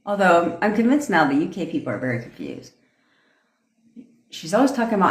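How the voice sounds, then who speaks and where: A woman's voice: low voice, very animated, brisk, roomy sound. A woman who coaches manifestation, chatting loosely on a livestream, swearing and laughing often between rambling points. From North America. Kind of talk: casual livestream chat.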